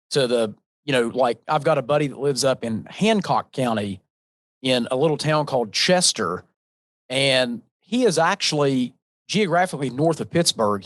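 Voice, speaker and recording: A man from West Virginia with a southern West Virginia accent, hosting a relaxed panel chat. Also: medium pitch, dry recording. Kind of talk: casual panel discussion.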